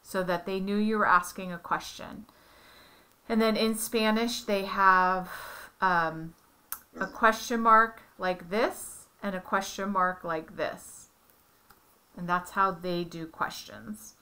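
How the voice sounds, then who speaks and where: Slow, patient woman tutoring. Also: lowish voice, pushed and bright. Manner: patient, explains step by step with examples. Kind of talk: one-on-one Spanish lesson.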